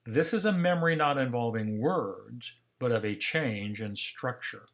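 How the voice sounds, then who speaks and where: An older man lecturing in a seminar, telling a personal story calmly and acting out remembered dialogue. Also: mid-range voice, measured pace. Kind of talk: scripted seminar narration.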